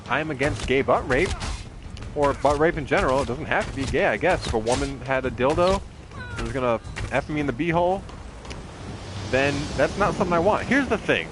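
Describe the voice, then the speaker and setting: Over some background noise, a medium-pitched male voice keeps up casual, rambling chatter during a game stream. He curses freely and leans heavily on fillers.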